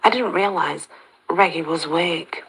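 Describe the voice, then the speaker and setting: A woman voicing a calm, protective young man with a deep rasp, talking low, quiet and steady. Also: a little slow, exaggerated voice, poor audio.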